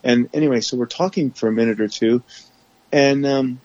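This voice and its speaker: A man guest telling his story candidly on a podcast, halting often with restarts and fillers, over remote call audio. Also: medium pitch, darkish tone, dry recording, lo-fi sound.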